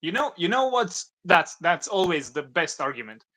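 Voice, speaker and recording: A man's voice: a little high, big pitch swings, normal speed, bright, forceful tone. A man chatting as a guest on a livestream, joking and laughing a lot. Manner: joking, giggly, hypes the stream. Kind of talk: casual chat on a livestream.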